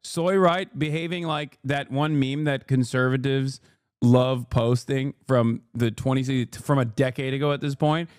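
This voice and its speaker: A man's voice: mid-range voice, steady tone, unhurried, clear, resonant tone, dry recording, studio quality. A male streamer giving live reaction commentary in a profane, sarcastic, ranting way.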